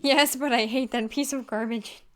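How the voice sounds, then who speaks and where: A woman voicing a surly male gingerbread cookie prisoner, delivered a little louder and brasher. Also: a little high, fairly even intonation, moderate pace, pitched above the performer's own voice, lightly acted.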